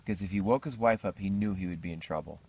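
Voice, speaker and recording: A man telling a campfire story in an animated, joking manner. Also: sits low, fast talker, a little hiss or hum.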